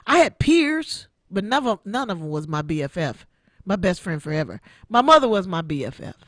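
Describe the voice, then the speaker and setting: A woman's voice: lowish voice, big pitch swings, moderate pace, dry recording, studio quality. A woman in her sixties hosting an online radio show, giving an emotional personal testimony and repeating her phrases like a preacher. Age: 60s. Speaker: internet radio show host.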